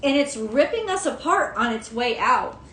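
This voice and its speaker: A woman's voice: high voice, expressive, moderate pace, a bit bright, echoey room, a little hiss or hum. A woman giving a casual tarot reading, frank and emphatic, swearing freely. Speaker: tarot reader.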